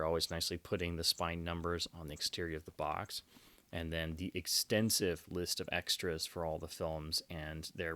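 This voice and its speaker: A man giving casual unboxing commentary as a collector, enthusiastic and quick to heap on superlatives. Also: sits low, bright, forceful tone, dry recording. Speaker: collector presenting his purchases.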